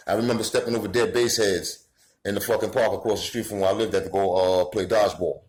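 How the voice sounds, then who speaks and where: Bronx dude ranting and cussing hard, gets loud and heated, roomy echo. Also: male voice, lowish voice, fairly even intonation, fast. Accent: New York, Bronx. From New York City, the Bronx. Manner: swearing, heated, rising to shouts. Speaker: commentator. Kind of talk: profane rant to camera.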